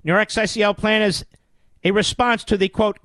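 A combative male talk radio host, sarcastic and prone to heated rants. His voice sits fairly high for a man. The studio sound is dry and close. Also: fairly even intonation, moderate pace, fairly bright tone, no echo. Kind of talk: political talk radio commentary.

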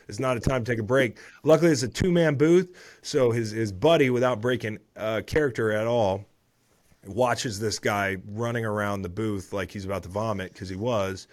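A man's voice: on the low side, moderate pace. A man in his thirties, a former football player hosting a podcast, recapping the week's games in casual chat with swearing and rambling asides.

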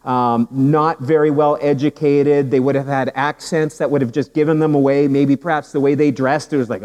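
Male pastor, higher voice, chatty sermon full of stories and stumbles, echoing church hall. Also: a little fast, few pauses. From Canada. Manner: animated storytelling with humor, many repeated words.

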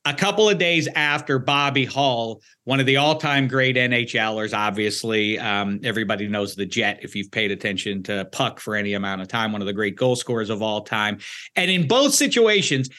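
A man hosting a sports talk show, chatting casually with animated asides and quick self-corrections. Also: mid-range voice. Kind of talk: casual sports podcast chat.

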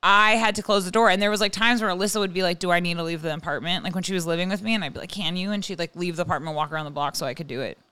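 A woman's voice: lowish voice, rapid-fire, hardly any pauses, pushed and bright, clear, resonant tone, no echo. A woman chatting candidly on a podcast, self-deprecating and chatty. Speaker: podcast co-host. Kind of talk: casual chat.

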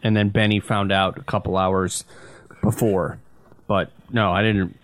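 A man co-hosting a podcast, telling a story in casual banter with dry, deadpan humor. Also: lowish voice, unhurried, no echo. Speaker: podcast co-host.

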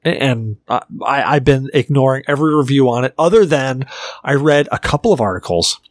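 Male podcast co-host, mid-pitched, animated storyteller, dry close mic. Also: fairly quick, no room sound. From Virginia, United States. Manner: animated storyteller, laughs, swears often. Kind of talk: casual chat.

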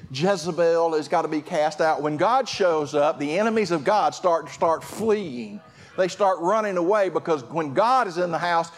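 Impassioned preacher man, high voice. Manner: impassioned preaching, with repeated words and restarts. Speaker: pastor. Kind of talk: sermon.

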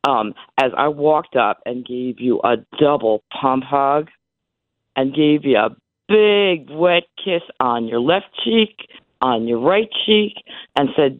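A woman in her sixties calls in to a radio show, her voice breaking with emotion as she speaks emphatically and repeats herself. Her extremely low voice is animated and slow, coming through a tinny telephone line with no echo.

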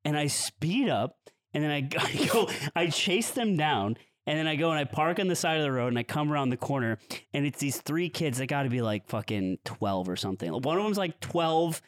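A young man spins a story among friends, jumping into other people's voices as he goes. His pitch leaps around, and the tone sits a little high for a man. He swears casually and keeps the telling loose. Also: a little fast. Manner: animated storyteller, acts out quotes, swears freely. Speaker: podcast co-host.

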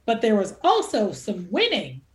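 A woman's voice: mid-range voice, huge pitch swings, normal speed. A woman voicing a pompous, well-connected man giving a grandstanding, chummy toast. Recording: echoey room.

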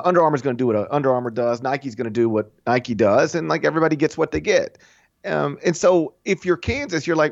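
A man hosting a casual sports podcast, animated and opinionated, often restarting phrases and putting on mock voices for others. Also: a little high, dry recording. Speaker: podcast host. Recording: dull lo-fi sound.

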